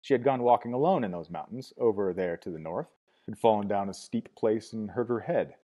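A man narrates a novel in a low, mellow voice with a husky edge. His reading is steady and measured, with occasional small restarts. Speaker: audiobook narrator.

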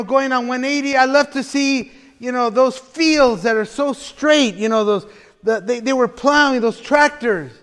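A man's voice: extremely high pitch, clear, resonant tone. A man preaching a conversational sermon as pastor, chatty and folksy, with frequent laughter and restarts. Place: church sanctuary. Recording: reverberant church hall.

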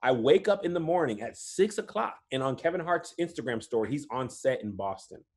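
A man in his thirties, a comedian guest, in casual podcast chat, telling stories in a lively way. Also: medium pitch, brisk. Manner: animated storytelling, often says "you know what I'm saying".

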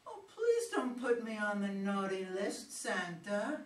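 A woman's voice: mid-range voice, big pitch swings, unhurried. A woman reading the part of a sweet, flirty female elf in an amateur read-aloud play, coaxing and drawn out. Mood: seductive. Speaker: reader in a community reader's theater. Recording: roomy hall, mic far off, faint noise.

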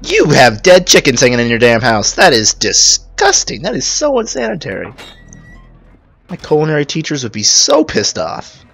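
A young man doing let's-play commentary, loud and profane, breaking into squealing outbursts and jokes. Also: medium pitch, wildly swooping pitch, normal speed, faint music behind. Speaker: gaming YouTuber.

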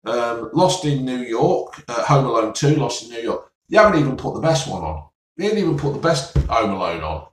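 A man of middling pitch who talks in a sarcastic, grumbling way, sighing often between remarks. He sits a little back from the mic, and the room gives his voice a noticeable echo. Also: sing-song, brisk. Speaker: vlogger reviewing TV listings. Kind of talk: casual solo rant. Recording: roomy, mic at a distance.

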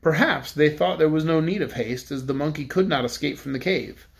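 A man narrating a children's storybook in a steady, measured reading. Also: a little high, creaky. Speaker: audiobook narrator.

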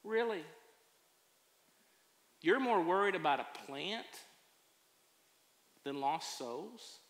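God as a patient, gently chiding voice, as a preacher puts him on, asking quiet, probing questions. The tone is bright and carries a long echo through a large sanctuary. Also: male voice, high voice, slow pace, exaggerated voice. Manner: calm, probing rhetorical questions. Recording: echoey church sanctuary.

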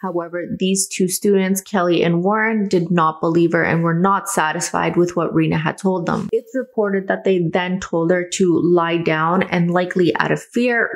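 A woman hosting a true crime channel, earnestly retelling a case and adding her own comments. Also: on the low side. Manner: earnest, adds personal comments.

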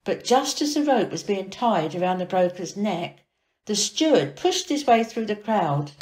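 A woman reads a fairy tale aloud for children, with expressive, dramatic phrasing at a middle pitch. Her voice rings in a room with a clear echo. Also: measured pace. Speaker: storyteller. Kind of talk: storybook reading for children. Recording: echoey room.

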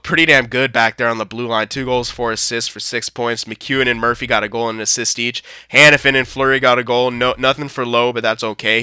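A young man giving live, profane gameplay commentary, swinging between shouting at his team and deflated muttering. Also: mid-range voice, clean tone, no room sound, studio quality. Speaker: gaming commentator.

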